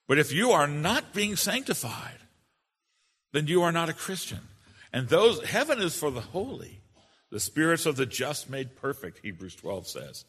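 A man preaches with an earnest, emphatic delivery, doubling back on his words as he teaches. His voice is bright and forceful. A long hall reverb trails behind each phrase. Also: on the high side, very animated, slightly rough. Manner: earnest and emphatic, with frequent quick restarts. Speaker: preacher teaching a confession of faith. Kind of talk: sermon-style teaching.

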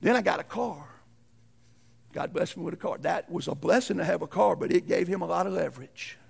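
A man preaching a sermon in a folksy way, swinging from shouted peaks to hushed lows. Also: brisk, vocal fry, husky. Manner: folksy, uses ain't and y'all. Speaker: pastor.

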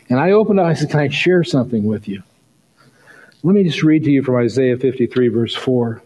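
A middle-aged male pastor preaching a sermon, telling a story and rising to excited peaks. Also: medium pitch, a little fast, poor audio.

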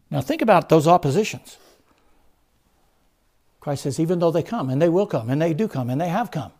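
A man delivers a sermon, his voice swelling into loud, fervent proclamation before sinking into low, deliberate emphasis. His tone is gravelly, with a fry at the ends of phrases, and it sits a little higher than usual. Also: lively intonation. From United States. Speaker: preacher.

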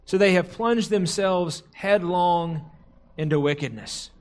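High-voiced man preaching a sermon. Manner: slows and drops low for emphasis, quotes crowd cries dramatically. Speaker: pastor.

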